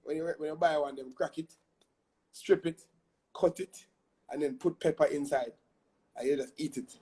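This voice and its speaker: Casting note: young Jamaican man, husky tone, animated storytelling guest, peppers talk with tag questions. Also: on the high side, normal speed. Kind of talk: casual interview chat.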